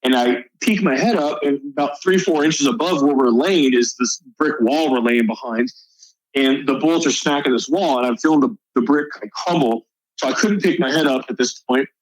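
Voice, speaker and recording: A man's voice: medium pitch, normal speed, no echo, rough recording. A male soldier guest on a podcast, telling a combat story in a casual, profane way.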